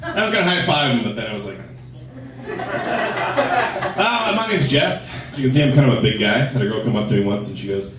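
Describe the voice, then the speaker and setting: A man's voice: on the low side, lively intonation, quick pace, a bit bright, far from the mic, a little hiss or hum. A man doing a stand-up comedy set on a club stage, telling profane, self-deprecating stories and acting out the dialogue. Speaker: stand-up comic. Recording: echoey club, recorded from afar.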